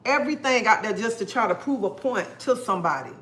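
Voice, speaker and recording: A woman's voice: on the high side, expressive, quick pace, fairly bright tone, slight background noise. A middle-aged woman talking earnestly on her livestream, repeating her points and greeting viewers by name. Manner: earnest, preachy, repeats herself. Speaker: livestream host. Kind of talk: casual livestream talk.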